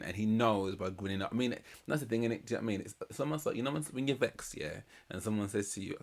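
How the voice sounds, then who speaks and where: A man's voice: fairly low pitch, fast talker. A man giving casual, slangy reaction commentary on a reality show, retelling scenes with laughs. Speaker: reaction channel host.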